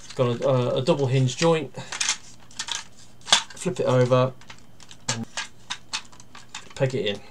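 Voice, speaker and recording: Male toy reviewer, mid voice, halting hands-on walkthrough with dry grumbles; steady noise and clicks underneath. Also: mid-range voice. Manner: talks through steps while handling a toy, with pauses and fillers; dryly critical and grumbling. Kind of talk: casual toy review and demonstration.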